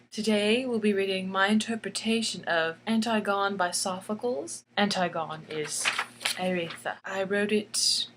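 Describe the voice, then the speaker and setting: A woman's voice: mid-range voice, a bit bright, a little hiss or hum. A woman reading aloud her own picture book as a playful bedtime story, with jokey asides. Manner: jokey, chatty asides, laughs at own jokes.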